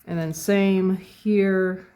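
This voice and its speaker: A person calmly talking through a painting tutorial step by step, thinking aloud and correcting their own words as they go. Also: mid-range voice, extremely slow, slight background noise. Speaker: painting instructor.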